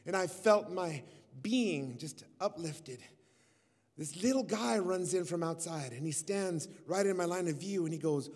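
High-voiced, husky man telling a testimony. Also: lively intonation, unhurried, darkish tone. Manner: earnest, conversational, with restarts. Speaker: worship musician and speaker. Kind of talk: personal testimony told to a congregation. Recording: long hall reverb, faint music.

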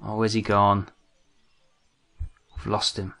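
A British man talks through a survival game in a low, gravelly voice with a sharp, bright edge. He mutters to himself, jumpy and self-mocking, as he plays. Casual let's-play commentary. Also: moderate pace. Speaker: gaming commentator.

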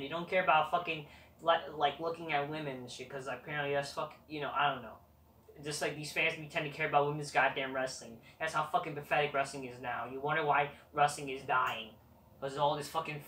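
A man rants his way through a wrestling review, swearing at every turn and waving things off with a shrug. His tone is bright and sharp. He sounds distant from the camera mic in an echoey room. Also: on the high side. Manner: rambling, constant swearing, dismissive. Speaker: wrestling show reviewer, channel host. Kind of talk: profane rambling review rant. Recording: roomy, distant mic, faint noise.

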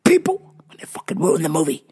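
A woman's voice: sits low, fast talker, husky. A woman hosting her own show, ranting casually and comically with lots of swearing and frequent laughter. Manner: profane, animated, laughs often. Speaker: host. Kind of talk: casual comedic rant.

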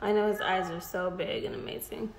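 A woman's voice: mid-range voice, steady tone, brisk, echoey room, noisy background. A mother hosting a casual phone livestream, playful and laughing as she coaxes her toddler.

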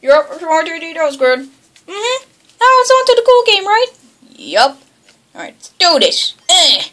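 A woman giving excited video game commentary, yelping, groaning and bickering as she plays. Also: very high voice, unhurried. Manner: excitable, yelps and groans, bickers with toy characters. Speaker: gaming channel host.

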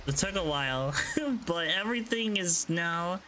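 Flustered gamer with a lively, swooping voice. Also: medium pitch, unhurried, heavy background noise. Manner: jittery, repeats itself when flustered, nervous laughs. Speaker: gaming video creator. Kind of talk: casual gameplay commentary.

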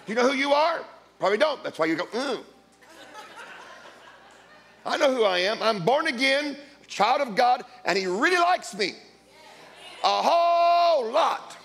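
A man preaching as a guest speaker, blunt and emphatic, swinging between quiet asides and loud declarations. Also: extremely high pitch. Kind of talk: sermon.

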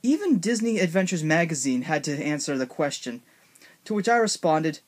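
A man's voice: fairly high pitch, very animated, moderate pace. A young man casually narrating a made-up story, rambling with many fillers and restarts.

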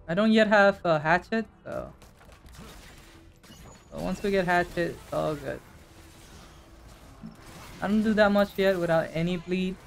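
A man giving casual live commentary while playing a video game, talking to his viewers and breaking into excited shouts. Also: high-pitched, unhurried, vocal fry, long pauses, soft background music. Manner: animated, bursts into excited shouts. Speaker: gaming streamer.

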